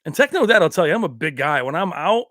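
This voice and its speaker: A man's voice: on the high side, sing-song, fast, a bit bright, dry recording, studio quality. Tipsy, laughing man hosting a livestream. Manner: laughs often, slips into movie impressions; rambling, loose, tipsy. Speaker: tech livestream host. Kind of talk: casual livestream chat. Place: his own home.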